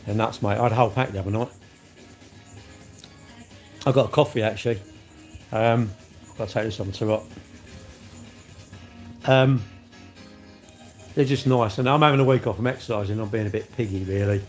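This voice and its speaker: A man's voice: on the low side, normal speed, pauses often. A man, chatting casually on a live stream and bantering with his viewers' comments. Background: faint music.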